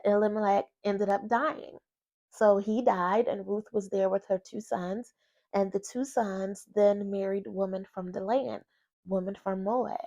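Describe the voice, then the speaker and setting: A woman vlogger talking through a Bible story in a chatty, folksy way, with quick asides and laughs, into a personal microphone. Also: medium pitch, a little mellow. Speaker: faith vlogger. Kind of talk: casual Bible study chat.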